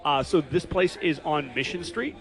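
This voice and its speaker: A man's voice: fairly high pitch, moderate pace, poor audio. A man hosting a casual podcast chat in a pub, rambling with lots of fillers and restarts. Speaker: podcast host. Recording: pub with clear background music.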